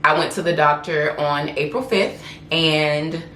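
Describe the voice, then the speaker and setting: A woman's voice: low voice, steady tone, unhurried, pushed and bright, a little hiss or hum. A woman, telling a candid and emotional personal story in a vlog and often restarting her sentences. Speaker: lifestyle blogger and influencer. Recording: echoey room with faint ambience.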